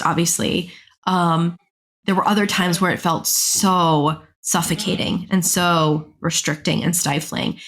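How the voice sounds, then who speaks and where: Woman, thirties, dance therapist guest, somewhat low voice, reflective, explanatory. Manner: reflective, explanatory, acts out quoted thoughts. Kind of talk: casual podcast conversation.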